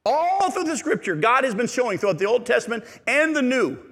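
A man preaching a sermon as pastor, animated and asking the congregation rhetorical questions. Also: very high-pitched, brisk, in a large hall.

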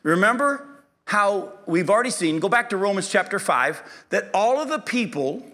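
A man's voice: sits high, normal speed. A man teaching an interactive Bible lesson, quizzing his class and acting out the people he quotes. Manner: lively, quizzes the class and acts out quoted speech.

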